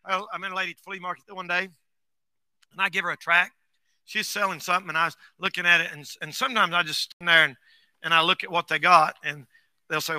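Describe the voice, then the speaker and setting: A pastor preaching a folksy sermon in a strikingly high, piercingly bright voice. He swings from quiet asides to shouted bursts. The sound is close and completely dry. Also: steady tone, quick pace, smooth, no echo.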